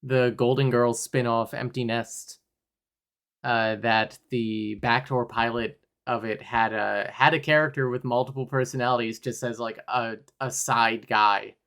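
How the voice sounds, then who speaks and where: A man co-hosting a movie podcast in casual chat. He recaps the plot wryly, jumping in and out of quick voices for the characters. His pitch sits in an ordinary middle range. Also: steady tone, gravelly, fairly bright tone, clear, resonant tone. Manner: wry, acts out characters' lines in quick bursts. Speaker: podcast co-host.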